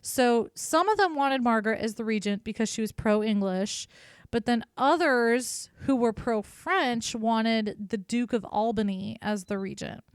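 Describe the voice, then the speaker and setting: Woman, podcast co-host, casual irreverent storytelling, slightly high voice, smooth. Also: measured pace, no room sound, clean studio sound. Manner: irreverent and jokey, swears freely.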